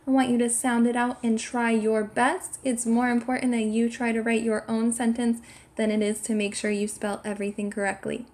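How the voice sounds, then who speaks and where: A woman with a fairly high, darkish voice and flat delivery teaches sight words to young children at a normal speed. As a kindergarten teacher, she spells every word out letter by letter, encourages the class, and keeps her instruction slow and clear.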